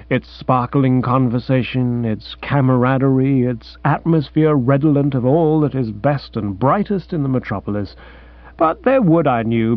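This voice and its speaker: A man narrating a comic audiobook with a lively, mock-grand storytelling manner. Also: mid-range voice, dry recording. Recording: dry, dull lo-fi recording.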